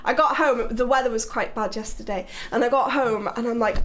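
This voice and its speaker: A chatty young woman from Britain talks casually to her live-stream audience, giggling as she goes. Her voice sits high. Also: moderate pace, hardly any pauses, fairly bright tone, slight background noise. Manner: chatty, giggly, reading chat aloud.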